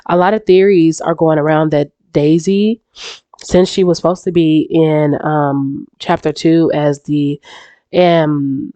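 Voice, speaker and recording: A YouTube reaction creator with a low, warm voice talks casually through game theories in a dry recording. She sounds stuffy and congested with a sore throat, rambling and often restarting her sentences.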